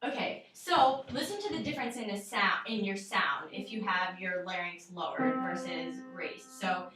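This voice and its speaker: A woman's voice: medium pitch, normal speed, over loud music. A young woman giving a one-on-one singing lesson, explaining in a casual, chatty way with many fillers. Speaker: voice teacher. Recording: roomy echo, mic far off.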